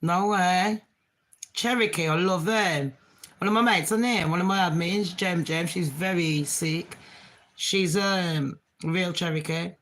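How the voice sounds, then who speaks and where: Fairly low in pitch and a bit bright, the woman speaks unhurriedly. She's Jamaican, with an accent blending Birmingham and Jamaican, and as host of a casual livestream she reads viewer comments and chats back, laughing frequently.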